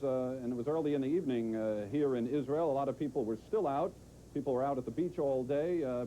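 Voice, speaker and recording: A man reporting live as a news correspondent, plain and steady with fillers. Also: fairly high pitch, slight background noise, poor audio.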